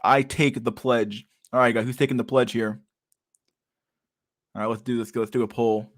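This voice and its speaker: A man's voice: mid-range voice, flat delivery, fairly quick. A young man chatting casually on a livestream, reading chat aloud, laid-back and crude, often laughing and mumbling to himself.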